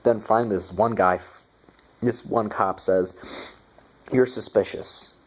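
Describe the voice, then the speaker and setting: A man's voice: lowish voice, steady tone, unhurried. A young man giving a casual movie review, sarcastic and profane, with mocking asides.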